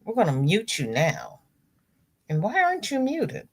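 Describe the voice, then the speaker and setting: Woman livestream host, middle-aged, unhurried delivery, chatty, greets viewers by name. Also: medium pitch, huge pitch swings, slightly rough. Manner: greets viewers by name and reads out chat comments. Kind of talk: casual livestream chat.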